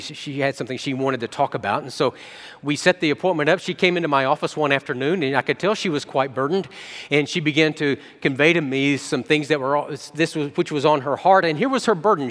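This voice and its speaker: A man's voice: a little high, brisk, fairly bright tone. A man preaching a sermon as pastor, telling stories earnestly with frequent restarts. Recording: long hall reverb.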